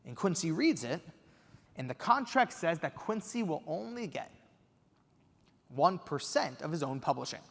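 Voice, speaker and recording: A young man from Los Angeles giving a keynote speech, telling a story with lively energy and acting out the quotes. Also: fairly high pitch, moderate pace, vocal fry, long pauses. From Los Angeles, USA. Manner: animated, acts out quotes. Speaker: keynote speaker. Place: conference hall stage. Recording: long reverb of a large hall.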